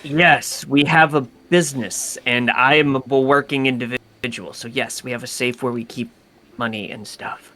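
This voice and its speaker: A man's voice: medium pitch, steady tone, moderate pace, bright, forceful tone. A man playing a tabletop game, talking in character and rambling with fillers and restarts. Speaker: player.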